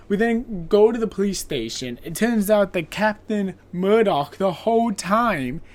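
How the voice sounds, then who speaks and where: A podcast host recaps a movie in a chatty, rambling way, with a mid-range pitch, mild swearing, and constant "like" fillers. He acts out the characters' lines in quick quoted snippets.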